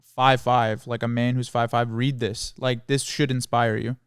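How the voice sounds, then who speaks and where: A man co-hosting a podcast in casual chat, earnest and playful, getting excited easily. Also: medium pitch, measured pace, clear, resonant tone, no echo, studio quality. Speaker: podcast co-host.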